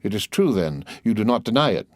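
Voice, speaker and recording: A man voicing a stern male magistrate who calmly and contemptuously accuses his wife in an audiobook. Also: fairly low pitch, a little fast, dry recording, clean studio sound. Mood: cold. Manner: calm, contemptuous interrogation. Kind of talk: audiobook character voice.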